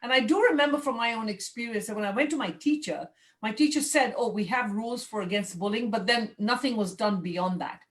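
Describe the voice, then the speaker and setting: A woman's voice: a little high, brisk. Encouraging woman radio host. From Kenya. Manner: warm, encouraging, chatty. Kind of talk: casual interview chat.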